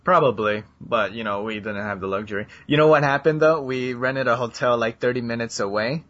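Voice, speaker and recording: A man co-hosts a podcast in casual chat, rambling along with plenty of fillers and laughs. His mid-range voice is a bit bright and moves fairly quickly. The recording has a dull, lo-fi sound.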